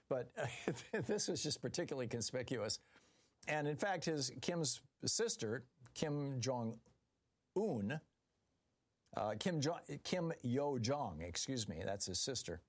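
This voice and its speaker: A man hosting a political call-in radio show, talking in a sardonic, chatty way with frequent ums and restarts. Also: fairly low pitch. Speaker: radio talk show host. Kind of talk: political talk radio monologue.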